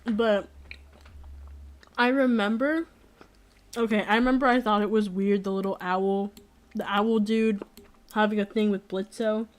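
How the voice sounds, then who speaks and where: A woman's voice: mid-range voice, steady tone, a little slow, pauses often. A young woman chatting casually in a Q&A, rambling with many fillers and restarts, blunt and opinionated. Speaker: streamer. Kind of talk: casual chat.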